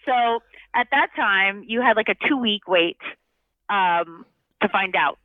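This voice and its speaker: A middle-aged woman, a guest actress, telling stories in an animated, chatty way and acting out other people's lines. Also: mid-range voice, slow, dry recording. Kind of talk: podcast interview storytelling. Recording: tinny phone-like line.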